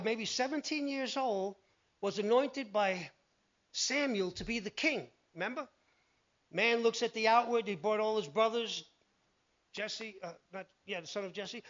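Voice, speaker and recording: A man preaching a sermon, animated, telling Bible stories and acting out the voices in them. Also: sits high. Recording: dull lo-fi recording.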